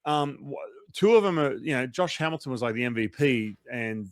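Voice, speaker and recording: A man, a former pitcher, telling a long story in a casual interview, animated and acting out quotes. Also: no echo, clean studio sound. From Australia. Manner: animated, acts out quotes, swears, fast run-on storytelling. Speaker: former baseball pitcher, guest.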